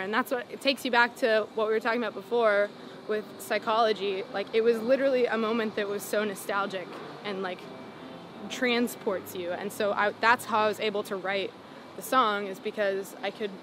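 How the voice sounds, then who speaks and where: Outdoors on a city sidewalk amid street noise, a twenty-something singer-songwriter from Los Angeles chats through a casual interview story. Her mid-range voice is a bit bright, and she laughs often while using "like" constantly.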